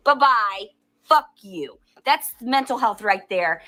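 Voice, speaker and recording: A woman's voice: mid-range voice, expressive, takes it slowly, bright, forceful tone. A woman filming herself, venting in a stressed, angry rant full of swear words aimed at her viewers. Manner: swears heavily, ranting at viewers. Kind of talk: profane venting vlog.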